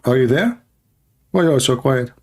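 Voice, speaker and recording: A man arguing in a heated livestream debate, challenging listeners in broken, non-standard English and clearing his throat often. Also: medium pitch, expressive, moderate pace.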